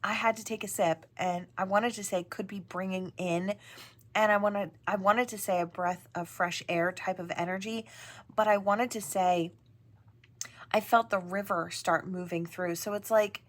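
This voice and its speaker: A woman giving a channeled tarot reading to her viewers, talking gently and rambling, with frequent fillers and tag questions. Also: medium pitch, steady tone, moderate pace. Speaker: tarot reader.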